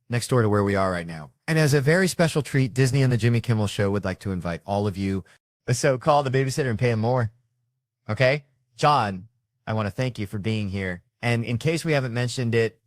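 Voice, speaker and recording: Animateur télé masculin, annonce enjouée. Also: male voice, on the low side, no room sound, clean studio sound. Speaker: talk show host. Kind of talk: upbeat show announcement.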